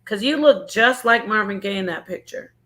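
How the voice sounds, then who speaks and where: A woman hosting a casual livestream, loud and playful, joking with her chat and breaking into sing-song bits. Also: medium pitch, lively intonation, moderate pace. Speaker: livestream host.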